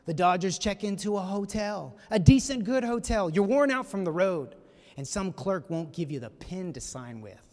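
Casting: animated male preacher with a high voice, storytelling sermon, reverberant hall. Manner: animated storyteller, quick asides. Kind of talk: sermon retelling a film scene. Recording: echoey hall.

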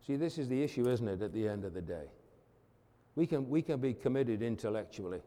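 A man preaching a sermon as pastor, fervent, calling out to the congregation and swinging from loud declarations to hushed asides. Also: mid-range voice, lively intonation, a little fast, big-room sound. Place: church.

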